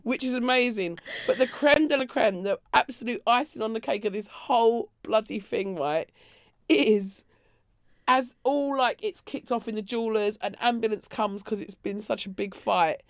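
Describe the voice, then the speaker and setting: A woman, co-hosting a podcast and telling a story with lively acted-out quotes and frequent laughter. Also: a little high, moderate pace, dry recording, studio quality. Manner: animated storytelling, acts out quotes, laughs often. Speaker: podcast co-host. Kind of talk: casual chat.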